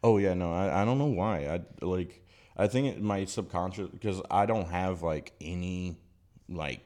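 Low-voiced laid-back man from Louisiana. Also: moderate pace. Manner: relaxed, rambling, laughs often. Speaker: podcast co-host. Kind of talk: casual chat.

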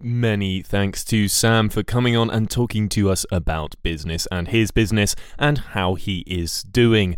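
A man's voice: fairly low pitch, moderate pace, few pauses, smooth. A man hosting a comedic podcast, rambling and hesitant, with a self-deprecating manner. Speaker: podcast host.

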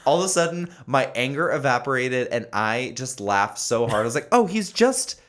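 A man's voice: mid-range voice, steady tone, a little fast, a bit bright. A young man casually telling a story on a podcast, with many fillers and laughs. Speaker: podcast co-host. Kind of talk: casual chat.

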